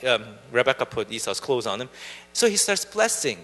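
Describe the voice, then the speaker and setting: A man's voice: medium pitch, big pitch swings, moderate pace, sharp tone, long reverb tail. A man preaching a sermon, retelling the story in a casual, chatty way. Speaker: pastor. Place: church hall.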